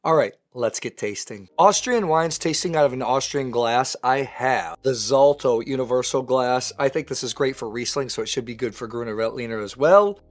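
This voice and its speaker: A man's voice: mid-range voice, normal speed, hardly any pauses. A man with a weakened voice from recent voice loss, presenting a wine tasting in an enthusiastic, conversational way. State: weak voice from lost voice. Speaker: wine educator.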